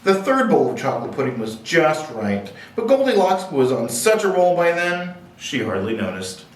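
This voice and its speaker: A man's voice: fairly high pitch, very animated, moderate pace. A man reading picture books aloud at a library, with playful, jokey asides. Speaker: library storyteller. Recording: echoey room, distant mic.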